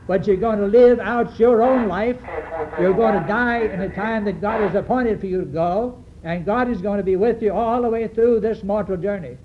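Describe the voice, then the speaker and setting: A man preaching a sermon to his congregation, earnest and halting, with many fillers and restarts. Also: high voice. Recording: dull lo-fi recording with faint hiss.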